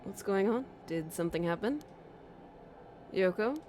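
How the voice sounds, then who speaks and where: A woman's voice: medium pitch, animated, unhurried, a little mellow, slight background noise. A young woman streaming a horror game, chatting casually, easily startled and laughing. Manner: chatty, jumpy, laughs and shrieks at scares. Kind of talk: casual let's-play commentary.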